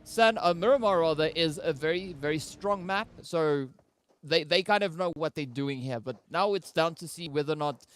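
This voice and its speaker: Quick, jokey male esports caster. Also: a little high, fairly bright tone, clear, resonant tone. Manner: fast, jokey, filler-heavy play calling. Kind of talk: play-by-play commentary.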